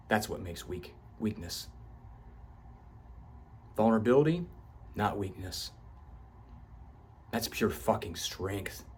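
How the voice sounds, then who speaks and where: A man's voice: deep voice, a little mellow, a little hiss or hum. A man, 38 or older, speaks in a passionate motivational monologue about his own growth. He swears for emphasis, and his voice climbs as he grows fervent. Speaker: self-help vlogger.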